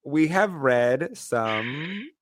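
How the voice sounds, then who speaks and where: A man's voice: on the high side, very animated, very slow, slight background noise. Frank, chatty man in his thirties. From United States. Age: 30s. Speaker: podcast co-host. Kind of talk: casual chat.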